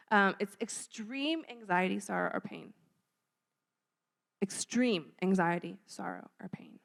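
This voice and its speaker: A young woman giving a casual, chatty sermon in a church room, saying "like" a lot and acting out little scenes. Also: a little high. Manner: chatty, says "like" often, acts out little scenes. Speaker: youth speaker at church.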